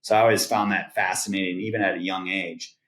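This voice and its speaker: A man with a low voice tells a story on a podcast, relaxed and conversational, leaning on "like" and "right?". The sound is roomy and echoey. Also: fast talker. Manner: laid-back, peppers speech with "like" and "right?". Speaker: podcast guest. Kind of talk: casual storytelling. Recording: roomy echo.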